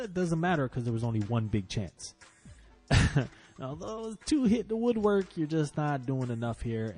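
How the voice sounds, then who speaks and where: A man hosting a casual football podcast, running through results in an animated, profane way that gets loud when he is frustrated. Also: medium pitch. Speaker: podcast host. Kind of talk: casual football round-up chat.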